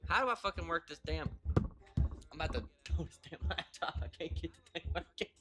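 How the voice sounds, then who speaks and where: A man's voice: fairly high pitch, fairly quick, bright, forceful tone. A man hosting a casual live stream, laughing a lot and swearing as he reads chat comments aloud into a laptop mic.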